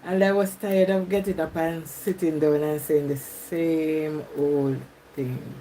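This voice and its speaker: A woman's voice: deep voice, steady tone, slow pace, warm tone, slight background noise, low-quality recording. A Jamaican woman chatting with viewers on a live stream, reading comments aloud and laughing often. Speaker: YouTuber.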